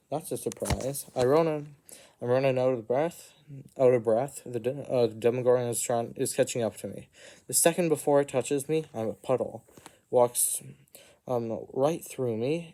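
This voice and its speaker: A man's voice: mid-range voice, warm tone. A man telling an improvised first-person fantasy story, rambling, with frequent asides and self-corrections.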